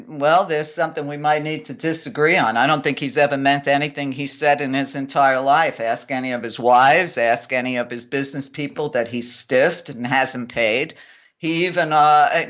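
A woman's voice: sits low, dull audio. An older woman from New York, a podcast guest talking bluntly and scornfully. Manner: blunt, scornful, sharp-tongued. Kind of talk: podcast conversation.

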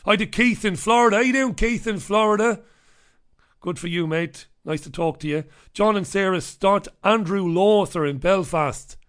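Middle-aged male radio host, slightly raised pitch, loose joking chatter between listener shout-outs. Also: moderate pace. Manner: irreverent, rambling, jokey banter. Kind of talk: casual live show chat, reading out listener messages.

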